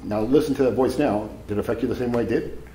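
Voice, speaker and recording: A man's voice: medium pitch, fast, dark tone, roomy sound, a little hiss or hum, poor audio. A man giving a live seminar talk to an audience, casual and profane, telling stories as he goes. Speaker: seminar speaker.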